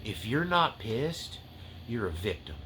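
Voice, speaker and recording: Impassioned preacher, bright voice. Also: male voice, lowish voice, very animated, a little slow, a little hiss or hum. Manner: impassioned, rising to near-shouts and tearful intensity, then joking asides. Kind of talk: fiery spiritual-warfare teaching.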